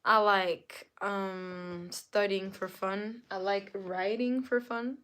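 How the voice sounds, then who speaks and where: A woman's voice: medium pitch, fairly even intonation, slow, fairly bright tone, clean tone. A woman hosting a casual live stream, chatting playfully with viewers, reading their comments aloud and laughing often. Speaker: livestream host.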